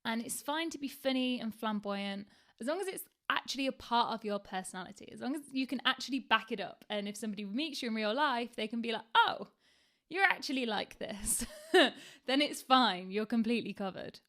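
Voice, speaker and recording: A woman's voice: a little high, fast, fairly bright tone. A woman teaching an online writing lesson in a casual, candid way, dropping in fillers like "like" and "um". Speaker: writing instructor.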